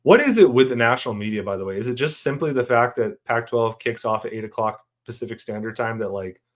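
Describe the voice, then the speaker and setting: A man's voice: mid-range voice, fast. A man co-hosting a sports podcast, chatting casually and animatedly with jokes. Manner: animated, joking, trailing off into fillers. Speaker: podcast co-host.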